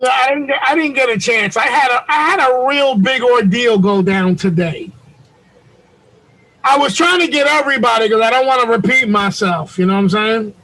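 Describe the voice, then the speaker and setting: High-voiced man telling a profane story. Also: moderate pace, rough recording. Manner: animated, profane, slangy storyteller. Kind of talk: casual storytelling on a group call. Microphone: video call.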